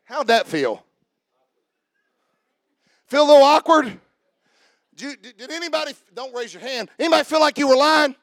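A man preaching a sermon, dropping to quiet asides and then rising to shouts. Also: extremely high pitch, lively intonation, unhurried, pauses often, no echo, clean studio sound.

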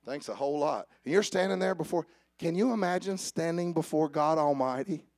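A man preaching a sermon. He jokes with the congregation and swings from soft asides to raised calls. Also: fairly high pitch, a little fast, dry recording, clean studio sound. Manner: joking with the congregation. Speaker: pastor. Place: church service with instrument behind.

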